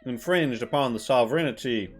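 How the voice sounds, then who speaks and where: A game master at a normal speed, his natural mid-range voice set against soft background music, voices a tabletop game's folksy rural soldier, a self-proclaimed sovereign patriot. The delivery is an official-sounding drawl in a generic rural American hick accent, hesitant and packed with uhs.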